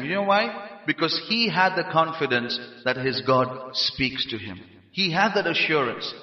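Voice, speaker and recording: A man from India preaching a sermon, emphatic and rising to shouts on key phrases. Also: fairly high pitch, lively intonation, measured pace. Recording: roomy hall, dull lo-fi sound.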